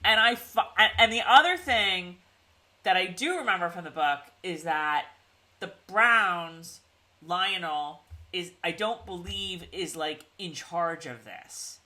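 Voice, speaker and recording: A woman's voice: fairly low pitch, slow, pushed and bright. A middle-aged woman co-hosting a casual TV recap chat over a video call, rambling with lots of "like" and restarts. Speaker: podcast co-host.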